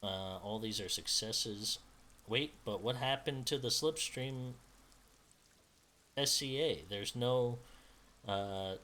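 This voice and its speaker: A man's voice: lowish voice, slow, pauses often, bright, forceful tone. A young man streaming a video game, reading its dialogue aloud with casual asides and fillers. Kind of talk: reading game text aloud while playing.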